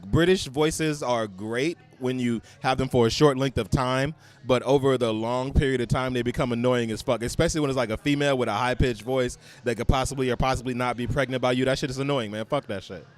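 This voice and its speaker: A man's voice: mid-range voice, a little fast, few pauses. An American man, a comedian guest, telling brash, profane road stories in casual chat. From United States. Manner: blunt, profane, brash storytelling.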